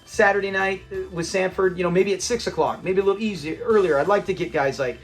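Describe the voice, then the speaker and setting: A man's voice: high voice, fast, soft background music. A man hosting his own channel, chatting casually and enthusiastically about a classic sitcom in a rambling way. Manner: enthusiastic and rambling, with frequent restarts and quoted lines. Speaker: channel host.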